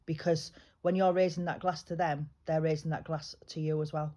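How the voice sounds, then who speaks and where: Woman, psychic medium, private reading, mellow warm voice, chatty, reassuring, hesitant restarts. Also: low-pitched, little pitch movement, normal speed. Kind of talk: private spiritual reading, casual chat.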